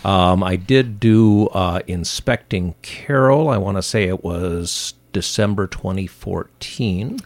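Low-voiced man, measured and dry. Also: no echo. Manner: measured, dry-humored storyteller. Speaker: guest actor. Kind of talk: casual radio interview.

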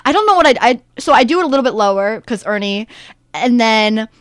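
A woman's voice: on the high side, lively intonation, brisk, dry recording. A young woman actor talking eagerly in an interview about voicing her roles. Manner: eager, chatty, many fillers. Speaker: young stage actor, guest. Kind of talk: interview chat.

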